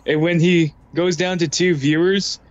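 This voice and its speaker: A man's voice: on the high side, fairly even intonation, a little slow. A man co-hosting a casual profane chat, laid-back and mostly agreeing. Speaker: co-host. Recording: dull lo-fi audio.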